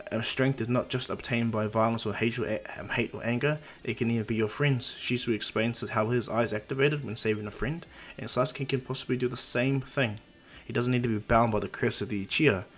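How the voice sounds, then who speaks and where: A man's voice: medium pitch, fairly bright tone. A man casually telling a fan-made story, rambling with fillers and restarts.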